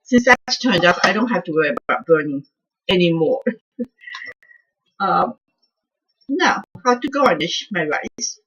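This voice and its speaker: Female cooking host, soft-spoken and husky, lively up-and-down pitch, rambling home-kitchen chat. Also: measured pace, pauses often, lo-fi sound. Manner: rambling, chatty, trails off with "I don't know". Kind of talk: casual cooking vlog.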